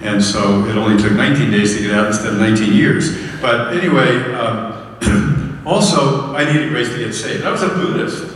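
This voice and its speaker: A male pastor giving a sermon, telling candid stories with self-deprecating laughs and climbing high and loud for emphasis. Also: normal speed. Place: church sanctuary. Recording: echoey hall, voice from far off.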